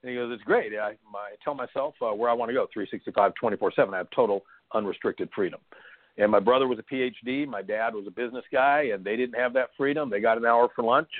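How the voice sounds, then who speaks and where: A man's voice: medium pitch, fast, no room sound, narrow, tinny audio. A middle-aged man from San Diego, a hypnosis trainer, telling stories chattily as a guest, laughing now and then, with lots of fillers. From San Diego, California. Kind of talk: conversational storytelling interview.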